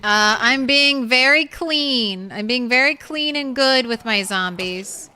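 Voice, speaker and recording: Young woman, game streamer, casual chat, bright clear voice, slow unhurried talk. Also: a little high, expressive, a little hiss or hum. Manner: chatty, talks sweetly to her cat.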